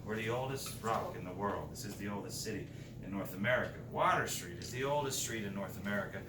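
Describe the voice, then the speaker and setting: A man's voice: on the low side, fast talker, over music. A man with a Newfoundland accent leading a playful, teasing screech-in ceremony, teaching local sayings to a group of visitors. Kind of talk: joking lesson to a group. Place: bar room with a group. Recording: roomy, distant, noisy bar.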